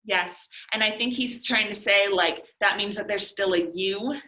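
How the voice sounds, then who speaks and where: Woman teacher, bright clear voice, thinks aloud, questions students, leads a class discussion. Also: mid-range voice, measured pace, poor audio. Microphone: classroom recording.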